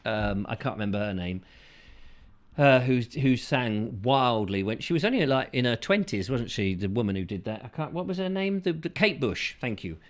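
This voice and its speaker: A man hosting a casual chat show, reading out viewer comments with playful, silly asides and sudden falsetto bursts. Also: expressive, moderate pace.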